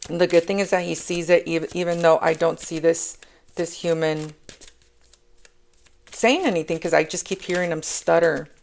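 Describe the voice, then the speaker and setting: This is a woman giving a chatty tarot reading in a low, gravelly voice. She wanders from thought to thought and circles back over her own phrases. She keeps checking in with the listener with a quick "okay?". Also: steady tone, slight background noise. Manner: rambling, repeats herself, checks in with "okay?". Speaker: tarot reader. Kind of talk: casual spoken tarot reading.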